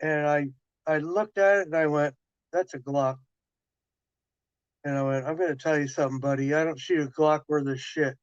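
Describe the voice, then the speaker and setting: A man's voice: on the high side, fairly even intonation, normal speed, long pauses, clear, resonant tone, no room sound. Rambling man, dull lo-fi sound. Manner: rambling, with restarts and quoted dialogue. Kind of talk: casual chat storytelling.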